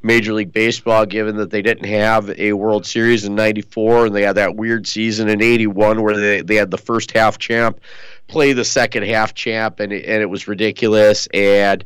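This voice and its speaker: A man's voice: on the low side, little pitch movement, moderate pace, fairly bright tone, clear, resonant tone, dry recording, poor audio. A man co-hosting a sports talk radio show, chatting casually and rambling with lots of fillers. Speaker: co-host.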